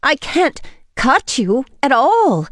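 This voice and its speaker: A woman voicing a frightened young woman who speaks in a high, pleading, panicky voice. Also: big pitch swings, fairly quick, dark tone, slightly rough, no room sound, studio quality.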